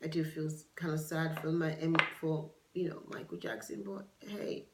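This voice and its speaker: A woman's voice: low voice, expressive, normal speed, echoey room, rough recording. A woman hosting a solo podcast, chatting casually and digressing into gossipy asides. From United Kingdom. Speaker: podcast host. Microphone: camera for a video podcast.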